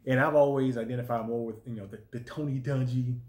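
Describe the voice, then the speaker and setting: A man's voice: fairly even intonation, quick pace, a little mellow. Easygoing man co-host, reflective. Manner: easygoing, reflective, jumps high when quoting others. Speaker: relationship coach, co-host. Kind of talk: casual conversation with his wife. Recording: roomy echo.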